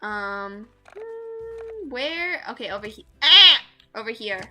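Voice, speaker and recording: A young woman streaming a game, chatting casually with her viewers and gushing loudly over cute things. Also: sits high, sing-song, slow. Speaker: VTuber streamer. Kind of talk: casual gameplay chat with viewers.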